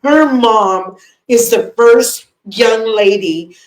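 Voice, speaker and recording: A woman's voice: fairly high pitch, drawn-out words. An older woman co-hosting a live podcast, effusive and emotional, greeting viewers by name. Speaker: podcast co-host. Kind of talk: casual live chat. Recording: echoey room.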